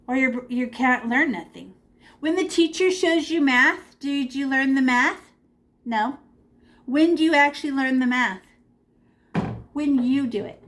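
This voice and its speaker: Teaching an online art class for children over a video call, this art teacher speaks from her room at home in a high voice. She's animated and encouraging, talking directly to the kids.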